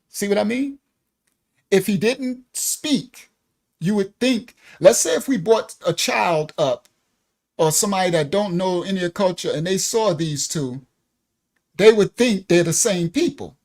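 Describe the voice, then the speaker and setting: A man hosting a live stream, giving casual reaction commentary, animated and laughing often as he talks. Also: high voice, a little slow, long pauses.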